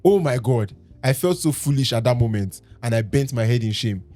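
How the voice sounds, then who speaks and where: A man's voice: mid-range voice, expressive, moderate pace, mellow, soft background music. A Nigerian man hosting a podcast, reading a story aloud with dramatic delivery and breaking off to laugh and joke with his co-hosts. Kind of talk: casual podcast reading with banter.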